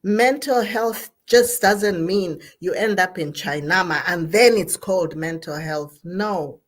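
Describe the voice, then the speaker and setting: Woman therapist, unhurried, emphatic motivational speaker. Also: on the low side. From Zambia. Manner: emphatic, repeats and spells out key words. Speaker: therapist speaking at an online gathering. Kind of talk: motivational talk on mental health.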